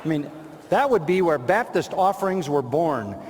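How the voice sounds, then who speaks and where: A man's voice: on the high side, expressive, moderate pace, noisy background. Emphatic preacher man in a reverberant hall. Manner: rhetorical, quotes imagined objectors and answers them; emphatic, repeats short punchy phrases. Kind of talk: sermon. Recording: long reverb of a large hall.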